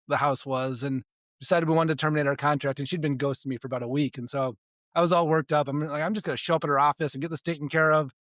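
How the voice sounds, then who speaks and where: A man in his forties with a slightly high voice, telling stories from his life as a podcast guest. He speaks casually, often restarts and repeats words, and chuckles now and then. The recording is close and dry. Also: no room sound. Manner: chuckles between sentences. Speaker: podcast guest, spiritual development coach. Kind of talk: casual storytelling in conversation.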